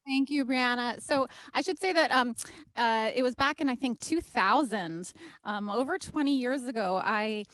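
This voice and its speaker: Chatty female singer-songwriter, slightly high voice, dry close sound. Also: moderate pace, dry recording. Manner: lively, chatty storyteller. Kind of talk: casual talk introducing a song.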